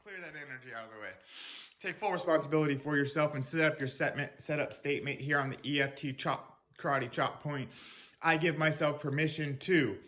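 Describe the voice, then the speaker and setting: Man, tapping coach, slightly high voice, rambling, casual swearing. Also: fairly even intonation, a little fast, a bit bright. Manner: acts out angry self-talk in a raised voice. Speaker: spiritual mindset coach. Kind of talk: teaching tapping technique.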